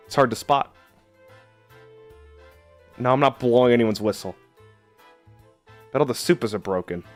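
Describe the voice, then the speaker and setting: A man streaming live, chatting casually with viewers in a sarcastic, argumentative way. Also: medium pitch.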